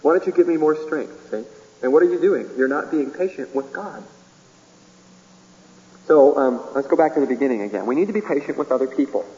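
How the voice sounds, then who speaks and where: Folksy preacher with a mellow voice. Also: male voice, medium pitch, animated, fairly quick, long pauses, long reverb tail, lo-fi sound. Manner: folksy, chuckling, acts out little dialogues. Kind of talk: sermon.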